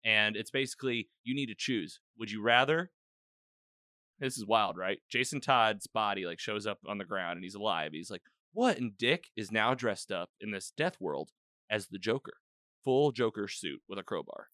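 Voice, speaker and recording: Male host, casual recap chat; bright, crisp tone, dry studio sound. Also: on the low side, moderate pace, no echo. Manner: rambling, animated retelling with quoted lines. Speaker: podcast host.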